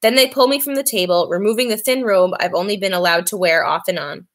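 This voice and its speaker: A woman reading a novel aloud in a steady, clear voice. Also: mid-range voice, fast talker. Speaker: reader.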